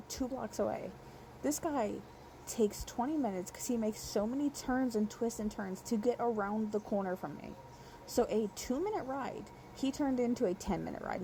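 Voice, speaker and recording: A woman's voice: mid-range voice, mellow, slight background noise, low-quality recording. A young woman telling a rideshare story in a casual, exasperated rant, full of swearing and run-on sentences.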